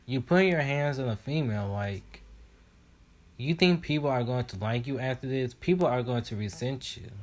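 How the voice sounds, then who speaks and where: A man hosting a reaction video, indignantly talking back at the screen in casual commentary. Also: medium pitch.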